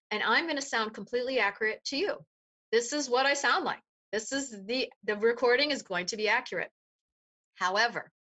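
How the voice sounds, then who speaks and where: A woman voice coach explaining voice resonance in an animated, demonstrative way during an interview. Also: fairly high pitch. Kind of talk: interview conversation.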